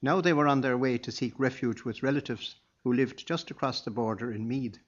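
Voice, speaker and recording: A man's voice: mid-range voice, a little fast. Man reading a story, dull lo-fi sound. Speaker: audiobook narrator. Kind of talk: scripted narration.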